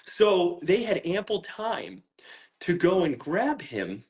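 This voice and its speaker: A man talks through an interview on camera in a fairly high voice. He is upset and near tears, stumbling over his words and starting sentences again, and he swears as he speaks. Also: sing-song, takes it slowly. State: close to tears. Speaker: pet owner interviewed about a raid.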